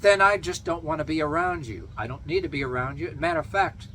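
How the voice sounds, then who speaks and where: A man's voice: fairly high pitch, brisk, bright, forceful tone, a little hiss or hum. A man delivering a meandering opinion monologue as a vlogger, swearing freely and half-laughing as he talks. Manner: meandering, profane, chuckling.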